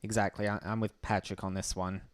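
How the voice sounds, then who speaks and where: Man, livestream host, casual commentary, smooth clear voice, blunt, sardonic, swears, halting restarts. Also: fairly low pitch, flat delivery, no room sound.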